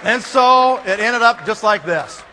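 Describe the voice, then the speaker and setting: Man, conference speaker, comic storytelling, very high voice, long hall reverb, faint background noise. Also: measured pace, a crowd in the background. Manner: animated, acts out scenes with sound effects.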